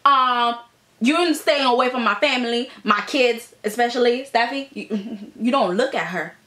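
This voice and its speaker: A woman's voice: a little high, measured pace, fairly bright tone, echoey room. A woman voicing a cocky, domineering man who lays down the law, in a brash and bossy drawl.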